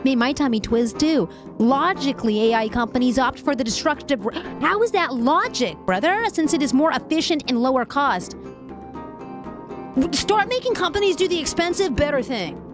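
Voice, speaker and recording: A woman's voice: high voice, expressive, normal speed, music in the background. A woman streamer reading news aloud, reacting emotionally and chatting with viewers in a casual live-stream. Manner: emotional, frequently laughing and venting; reads articles aloud with asides.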